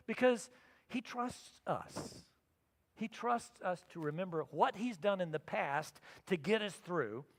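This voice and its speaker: A middle-aged man preaching a sermon as pastor, telling a personal story and acting out his own thoughts, sometimes loud and sometimes soft. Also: sits high, gravelly. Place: church sanctuary. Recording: reverberant church sanctuary.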